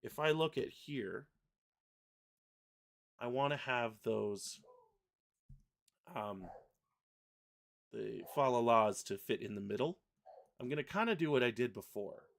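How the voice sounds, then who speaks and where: A man hosting a live software tutorial, thinking aloud and correcting himself as he works. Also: mid-range voice, expressive, takes it slowly, gravelly, long pauses. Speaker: software livestream host. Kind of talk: casual live software demo.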